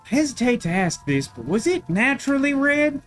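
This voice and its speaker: A man voicing a dry, unflappable male paranormal detective who asks deadpan questions. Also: very high voice, moderate pace, faint music behind, voice pushed up, full character voice.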